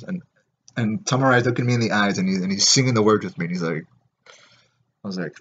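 A man telling a story in a rambling, excited way, with lots of fillers and swearing. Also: on the low side, quick pace, lo-fi sound. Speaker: vlogger. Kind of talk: casual storytelling.

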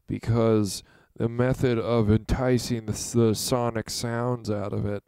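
A man giving a drum lesson, talking in a halting, earnest way and counting out beats as he demonstrates. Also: medium pitch, flat delivery, warm tone, clean tone, dry recording. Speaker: drum teacher. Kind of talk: instructional demonstration.

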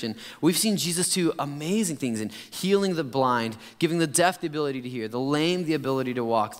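A young adult male pastor giving a casual, chatty sermon with slang and loose storytelling. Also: a little high. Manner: relaxed, chatty, laid-back slang. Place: church sanctuary. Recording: long church hall reverb.

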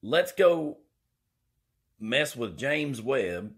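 A man rambles and cracks jokes in a drawling, easygoing way. His pitch swoops widely as he talks. He takes his time with every phrase. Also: very animated, extremely slow, husky. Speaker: vlogger. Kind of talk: rambling comic vlog. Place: indoors.

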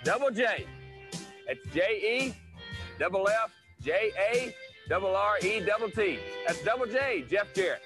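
A swaggering country-singer wrestler, acted by a man brags in a high, twangy Tennessee drawl. Loud guitar music plays under this archival promo clip. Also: expressive, unhurried. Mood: cocky boastful. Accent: Southern US (Tennessee). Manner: twangy, bragging, mocking. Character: cocky, boastful male country-singer wrestler.

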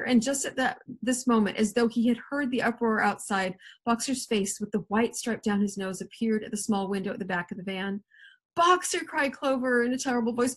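A woman teacher reads a novel aloud to her class with an expressive storytelling delivery. Her voice is breathy and a little husky, at a middle pitch. She now and then trips and restarts a phrase. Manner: expressive read-aloud with small slips. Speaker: English teacher.

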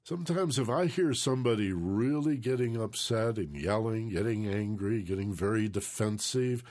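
A man's voice: fairly low pitch, moderate pace, a little mellow. A man co-hosting a mindfulness talk show, speaking in a thoughtful, reflective way and leaning on phrases for emphasis. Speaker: co-host.

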